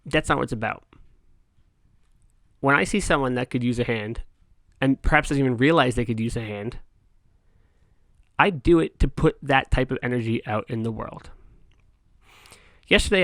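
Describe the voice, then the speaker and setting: A man's voice: medium pitch, fairly bright tone, no echo, studio quality. A middle-aged man vlogging, telling a story in a heated, exasperated rant with frequent restarts. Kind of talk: casual rant to camera.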